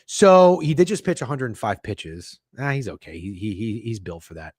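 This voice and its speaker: An excitable young man riffs through his betting picks in a loose, profane ramble, tripping over restarts. His pitch leaps around in a very animated way. The sound is dry and close, with no room around it. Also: a little fast, hardly any pauses, breathy edge, no echo. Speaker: sports betting show host. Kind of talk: casual livestream betting talk.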